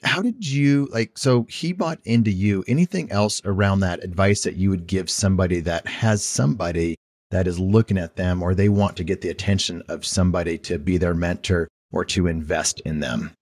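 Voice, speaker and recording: A man's voice: low voice, normal speed, darkish tone, dry recording, clean studio sound. A man hosting a business podcast who talks in a reflective, conversational way and shares his own experience. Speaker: podcast host. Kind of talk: casual interview conversation.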